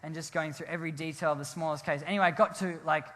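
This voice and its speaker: A man, a pastor telling a rambling, animated story in a sermon, often laughing and restarting his sentences. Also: a little high, very fast. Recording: long hall reverb.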